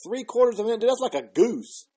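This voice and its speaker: A man's voice: extremely high pitch, big pitch swings, quick pace, dark tone, no room sound. Argumentative American podcast man. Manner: argumentative, teasing, profane. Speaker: podcast co-host. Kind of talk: casual banter.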